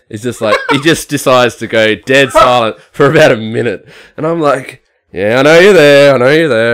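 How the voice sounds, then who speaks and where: Animated man, podcast co-host, giggly and chatty. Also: medium pitch. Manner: laughs often, chatty and animated. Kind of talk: casual chat among friends.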